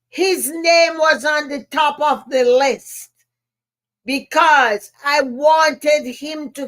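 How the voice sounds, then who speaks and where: Jamaican woman, motivational speaker, unhurried delivery, repeats key phrases for emphasis. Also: sits high, pushed and bright. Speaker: podcast host and motivational speaker. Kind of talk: slow motivational storytelling.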